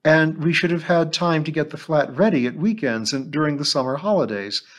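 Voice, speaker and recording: A man's voice: on the high side, brisk, voice pushed up, close to an everyday voice. A man reading an audiobook and voicing a fretful, hesitant middle-aged woman teacher who is a grandmother. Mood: anxious.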